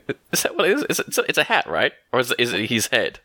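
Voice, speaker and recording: A man's voice: medium pitch, wildly swooping pitch, very fast, pushed and bright, no echo. A man with an Australian accent, chatting casually as a podcast co-host, wry and joking, often laughing. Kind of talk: casual chat.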